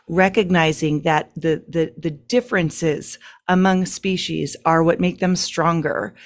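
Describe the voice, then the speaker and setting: A woman presents to a meeting as guest speaker, her voice a touch low. She talks in a loose, chatty way, with lots of fillers and small laughs.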